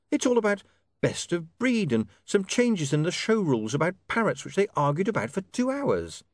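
A man voicing a sharp, indignant young working woman who lectures in a heated, snappy way. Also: fairly high pitch, no room sound, studio quality, pitched above the performer's own voice.

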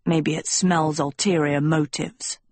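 Woman voicing a grumpy teenage girl, gruff, blunt, slow, breathy, storybook reading. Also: sits low, level tone, a little mellow, no echo, voice pushed down.

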